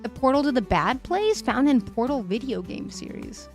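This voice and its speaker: A woman's voice: high-pitched, sing-song, normal speed, a little mellow. A young woman hosting a live stream, chatting casually and reading viewer messages aloud with frequent laughs, her voice a little worn. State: voice a bit fried. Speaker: livestream host. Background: faint music.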